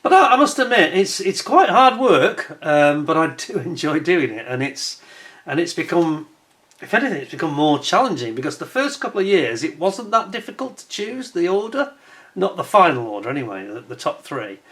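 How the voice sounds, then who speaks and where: Man, channel host, casual chat, self-deprecating, laughs a lot, slightly high voice. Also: sing-song, normal speed, a bit bright. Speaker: scale-model channel host.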